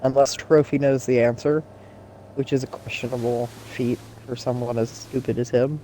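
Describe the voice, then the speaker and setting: Man, sarcastic gaming chat, mellow voice, swears at the game, faint background noise. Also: medium pitch, little pitch movement, normal speed. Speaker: gaming co-player. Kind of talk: casual chat while playing a game.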